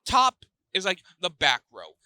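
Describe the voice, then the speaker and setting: A man's voice: high-pitched, wildly swooping pitch, measured pace, bright, forceful tone, dry recording. A young man from Missouri, a podcast guest telling a rambling story in casual chat, often restarting his sentences. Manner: rambling, self-interrupting storyteller.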